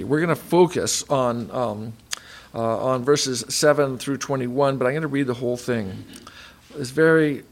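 A man giving a sermon as a pastor, reading scripture aloud and explaining it with many pauses and fillers, in what he calls his monotone voice. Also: mid-range voice, gravelly. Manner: self-described monotone delivery. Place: room with a heater.

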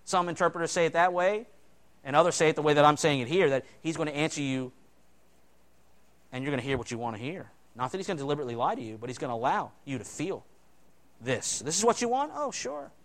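A man delivering a sermon with a somewhat high voice. He preaches animatedly, pushing some lines out loudly and dropping others to a near murmur. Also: fast talker. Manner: animated preaching, dramatic swings between loud emphasis and quiet asides. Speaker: pastor.

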